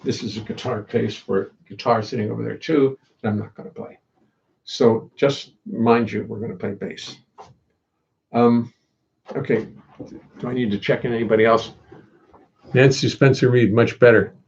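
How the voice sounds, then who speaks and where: Gravelly older man rambling on a livestream. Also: medium pitch. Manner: rambling, wry, reads viewer comments aloud. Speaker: musician hosting a livestream. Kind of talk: casual livestream chat. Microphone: computer audio input. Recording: dull lo-fi livestream audio.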